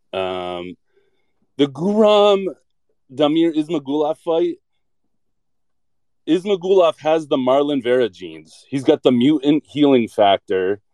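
A man's voice: medium pitch, dark tone, no room sound. A man chatting casually and bluntly, rambling with lots of filler words and jokes. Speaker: podcast segment contributor. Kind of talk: casual chat.

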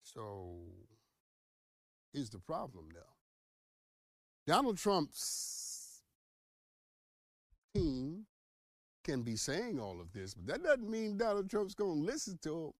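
A man hosting a podcast, giving playful, teasing commentary on headlines with dramatic swings in loudness. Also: fairly high pitch, sing-song, normal speed, dry recording. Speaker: podcast host. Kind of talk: casual political commentary.

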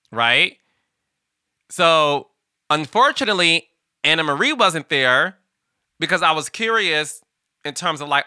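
Sassy bright-voiced man dishing reality TV. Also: a little high, clean tone, no room sound, studio quality. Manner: animated, sassy asides like "child" and "baby". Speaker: podcast host. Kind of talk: casual reality-TV commentary.

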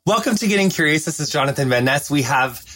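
Gushing man in his thirties, high voice. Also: lively intonation, fast talker, pushed and bright, slight background noise. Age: 30s. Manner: effusive and gushing, calls listeners honey, heavy use of like. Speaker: podcast host. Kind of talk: casual chat.

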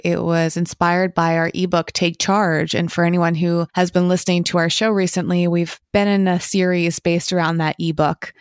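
A woman co-hosting a podcast, speaking in a steady, explanatory way. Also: on the low side, clear, resonant tone, no echo, studio quality. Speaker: podcast co-host. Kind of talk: casual podcast conversation.

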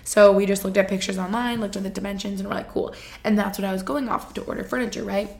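A woman's voice: medium pitch, steady tone, quick pace, creaky, a little mellow. A young woman telling casual stories to her listeners, chatty and full of fillers, often laughing. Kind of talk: casual storytelling chat.

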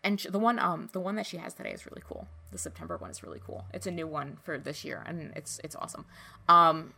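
A woman co-hosting a podcast in casual chat, gushing and excitable, often restarting her sentences. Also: low voice, fast talker, gravelly, husky. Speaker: podcast co-host.

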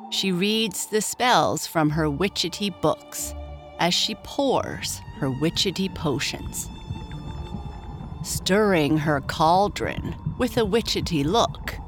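A woman reading a rhyming children's story aloud, gentle and expressive. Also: lowish voice, slow, soft background music.

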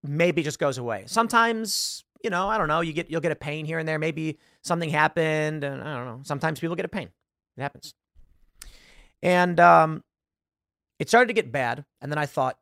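A man's voice: fairly high pitch, moderate pace, creaky, no room sound, studio quality. A man hosting a podcast, giving an opinionated commentary monologue and acting out the people in his stories. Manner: animated storytelling, acts out quoted voices. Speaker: podcast host.

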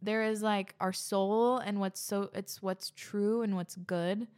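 A woman's voice: medium pitch, fairly even intonation, slow pace, darkish tone. A woman hosting a podcast in a casual, gushing way, reading listener letters and reacting with lots of "like". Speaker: podcast host.

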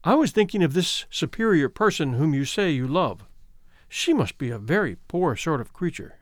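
A man's voice: fairly high pitch, big pitch swings, moderate pace, dry recording, clean studio sound. A man playing an ardent young suitor.

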